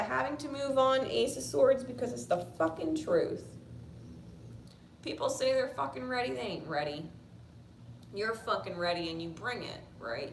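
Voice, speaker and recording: A woman giving a casual tarot reading, blunt and profane, swinging into animated outbursts. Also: mid-range voice, recorded from a distance. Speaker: tarot reader. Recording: echoey room with noise.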